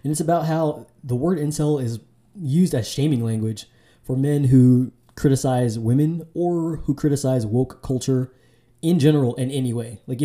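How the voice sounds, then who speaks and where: A man's voice: medium pitch, warm tone. A man hosting his own podcast, talking solo in a casual, loose way, with fillers and restarts. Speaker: podcast host.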